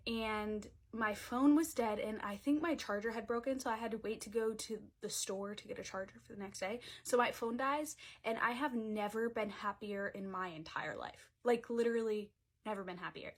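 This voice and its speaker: A woman's voice: on the high side, normal speed. A young woman telling a story in a casual storytime vlog, chatty and dramatic, with lots of "like" fillers. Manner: chatty, heavy use of "like" fillers; dramatic, animated retelling.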